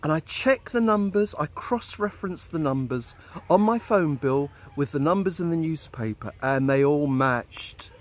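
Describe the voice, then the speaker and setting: A middle-aged expat vlogger tells a personal story in a candid, blunt monologue, swearing freely. His voice is on the high side, expressive, and at a normal speed.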